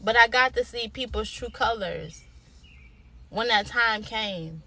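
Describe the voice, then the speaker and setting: A woman's voice: on the high side, takes it slowly, bright, forceful tone. A young adult woman speaking to camera as a motivational speaker. She talks in an informal, colloquial way and repeats her lines like a preacher exhorting a crowd. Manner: emphatic, repetitive, preacher-like exhortation. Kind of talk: inspirational direct-to-camera talk.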